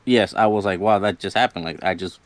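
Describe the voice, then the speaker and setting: A man with a lowish voice tells a spooky story from his own life. His delivery is loose and rambling, packed with filler words, and he acts out what he said back then. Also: a little fast, no room sound. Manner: rambling, lots of "like" and "you know", quotes himself. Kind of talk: casual spoken storytelling.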